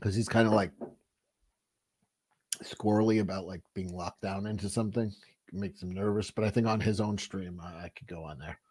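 A man's voice: low-pitched, steady tone, normal speed, pauses often, a little mellow, slightly rough. A man hosting a casual livestream, talking in a rambling, profane way with many restarts, and reading out viewer chat. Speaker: livestream host.

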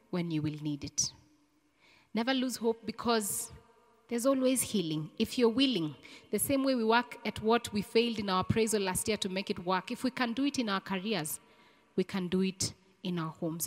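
Woman preacher from Kenya, earnest sermon that builds into fervent prayer, echoing church hall. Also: medium pitch. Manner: earnest, repeats key phrases, rising to fervent prayer. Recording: long reverb in a church hall.

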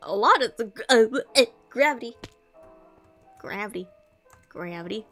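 Bright-voiced gamer girl goofing around on stream, swoopy and giggly, bit of music underneath. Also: a little high, animated, moderate pace. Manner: playful, giggly, mock-dramatic. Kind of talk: casual gaming stream chat.

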